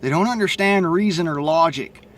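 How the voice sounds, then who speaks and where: A man with a slightly high voice and a Southern accent vlogs into his cell phone at a moderate pace. He stutters and talks bluntly and profanely in a casual, rambling monologue to camera.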